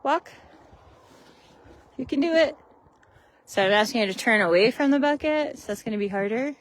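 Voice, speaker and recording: A woman training horses outdoors in a paddock. She coaxes them in soft, sweet baby talk and explains each step to her viewers. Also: a little high, fast talker, rough recording. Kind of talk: casual vlog while training horses.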